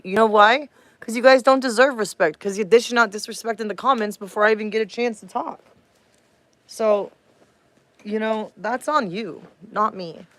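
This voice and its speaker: A woman's voice: mid-range voice, fairly bright tone, no echo. A woman in her thirties talking bluntly to her live stream chat, combative and swearing heavily. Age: 30s.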